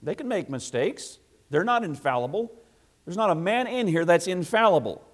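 A man preaching a sermon to a congregation, emphatic and repetitive, swinging between loud passages and hushed asides. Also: high-pitched, expressive, moderate pace.

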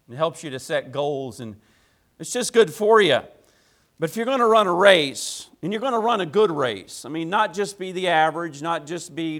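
Pastor guy preaching, kinda high voice, keeps repeating himself for emphasis, talks to the folks like a chat. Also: fairly bright tone. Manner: repetitive, emphatic preaching with rhetorical questions; folksy, conversational address to the congregation. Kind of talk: sermon.

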